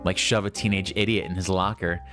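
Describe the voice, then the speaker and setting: A man reading fan fiction aloud in a deadpan, amused way. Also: low-pitched, a little fast, faint music behind. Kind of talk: comic public reading.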